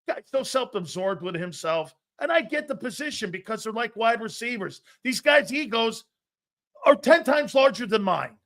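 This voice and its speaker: A man's voice: extremely high pitch, lively intonation, moderate pace, a bit bright. A man ranting in a heated, profane sports commentary, emphatic and fired up.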